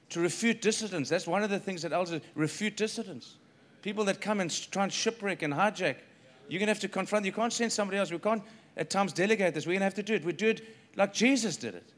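A man's voice: sits high, fairly bright tone. A man preaching a sermon as a pastor, emphatic and repeating phrases, acting out the quoted dialogue in his story.

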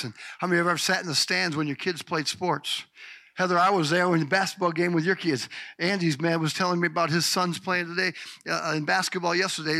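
A man's voice: sits high, sharp tone, dry recording. A man preaching a sermon, exuberant and calling out members of the congregation by name. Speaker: pastor.

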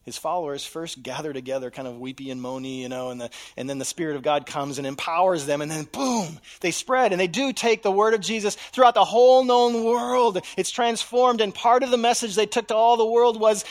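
A pastor delivers a sermon in a fairly high voice. He shifts often from near-whispers to loud, animated bursts and plays out the voices he quotes. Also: a little fast, hardly any pauses. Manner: dramatic, swings from hushed to loud, acts out voices in quotes.

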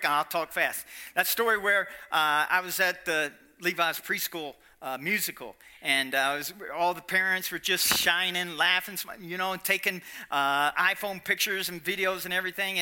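A man's voice: high-pitched, pushed and bright. A man preaching a sermon, emphatic, repeating his lines and quizzing the congregation. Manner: emphatic, repeats lines, asks the audience questions.

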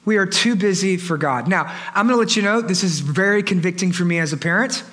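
Male pastor, playful and emphatic, bright, fairly high voice. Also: fairly quick. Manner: playful, emphatic, repeats himself. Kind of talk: sermon.

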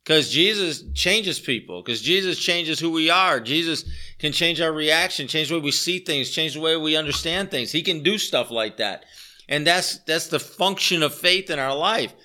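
Bright-voiced man preaching a sermon. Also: a little high, normal speed. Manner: earnest, repeats phrases for emphasis, asks listeners rhetorical questions. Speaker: pastor. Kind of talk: conversational sermon.

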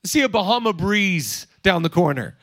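A man in his thirties preaching a sermon in a playful, energetic way, joking and acting out quotes from the story. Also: high-pitched, moderate pace, no echo, clean studio sound. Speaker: pastor. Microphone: seated on a stool.

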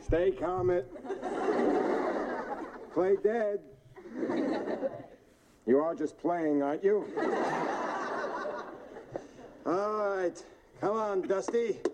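Brief: sarcastic old man, slow and raised in pitch, with loud audience laughter and noise. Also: lo-fi sound, a loud crowd. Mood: coaxing. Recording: sitcom audio with loud studio audience laughter.

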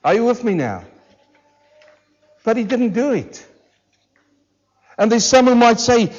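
A pastor preaching a sermon to a church congregation, emphatic and full of rhetorical questions, slowing down hard on key words. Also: male voice, very high voice, lively intonation, a little mellow, muffled recording. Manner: emphatic, with rhetorical questions and slowed, drawn-out stresses. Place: church service.

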